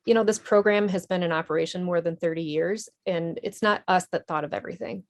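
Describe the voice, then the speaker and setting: A woman's voice: on the low side, fairly quick. A woman, an Army veteran and nonprofit director, telling her story in a TV interview in an earnest, candid way with small restarts.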